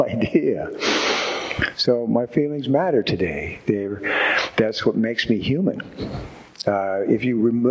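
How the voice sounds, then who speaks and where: A man's voice: mid-range voice, a little mellow, slightly rough, muffled recording. A man speaking to a group at a recovery meeting, giving a candid, reflective personal testimony with wry humor.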